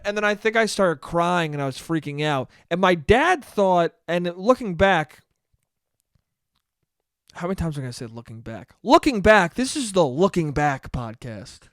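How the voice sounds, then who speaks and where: A man's voice: high voice, very animated, moderate pace, no room sound, studio quality. A young man hosting a solo podcast, telling a rambling, profane, self-mocking story. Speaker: podcast host. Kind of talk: casual solo podcast monologue.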